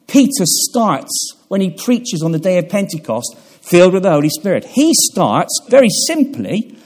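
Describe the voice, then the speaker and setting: A man preaching a sermon in a chapel, measured and pausing, building to emphatic peaks. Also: sits high, very animated, a little mellow. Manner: measured delivery with pauses and fillers, swelling for emphasis.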